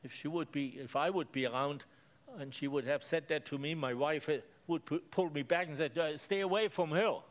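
A man's voice: fairly high pitch, fairly even intonation, brisk. Earnest man preaching a sermon. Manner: earnest, simple phrasing with emphatic repetitions.

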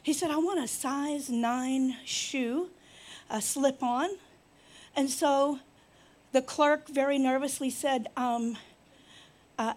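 A woman's voice: high voice, slow, a little mellow. A woman preaching a sermon, telling a healing story with teasing asides and growing fervor.

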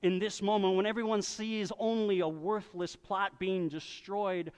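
A man's voice: high voice, level tone, clean tone. A man preaching a sermon, telling a story and briefly voicing the people in it. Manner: storytelling, with quick voiced asides for people in the story. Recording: reverberant hall.

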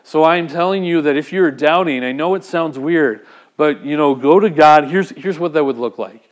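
A man's voice: a little high, normal speed. A man preaching a sermon, speaking conversationally and putting direct questions to the congregation. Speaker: pastor.

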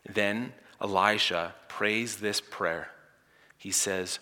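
A male pastor delivers a dramatic sermon in a bright, forceful voice of middle pitch. He drops to near-whispers and then surges to emphatic peaks. His words ring out with a long reverb through a large church hall. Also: normal speed. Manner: dramatic, swinging from hushed near-whispers to loud emphatic lines.

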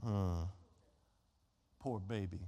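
A man preaching a sermon, telling a Bible story in an animated way and throwing rhetorical questions at his congregation. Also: sits low, very slow, long reverb tail, slight background noise. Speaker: pastor.

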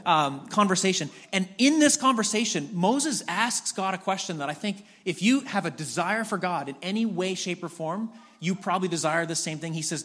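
A man preaching a sermon as a pastor, retelling scripture in a conversational storytelling way with frequent restarts. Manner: drops to soft low voice in prayer.

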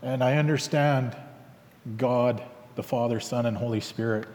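Halting storytelling man in reverberant space. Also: mid-range voice, a little mellow. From Canada. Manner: reflective, halting with frequent fillers, acts out both sides of dialogue. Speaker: speaker sharing his life story. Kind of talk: personal storytelling talk.

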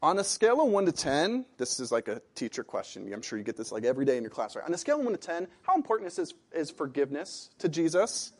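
A man preaching a sermon in an animated, conversational way, asking the congregation questions as he reads and explains a parable. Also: fairly high pitch, fast talker, hardly any pauses. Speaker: pastor.

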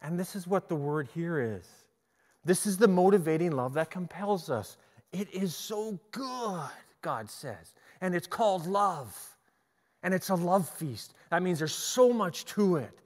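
A middle-aged man preaching a sermon, telling stories in an animated way and often restarting his sentences. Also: high voice, measured pace. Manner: animated storytelling with repeated restarts. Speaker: pastor. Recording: long hall reverb.

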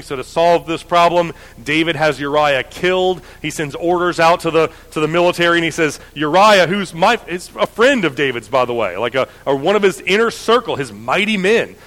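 A man preaching a sermon, telling the story in a lively, conversational way with frequent restarts. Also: fairly high pitch, in a large hall.

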